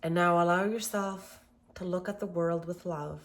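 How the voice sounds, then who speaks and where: A woman hosting a self-love workshop, leading a guided meditation with gentle, affirming words in a calm manner. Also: lowish voice, normal speed.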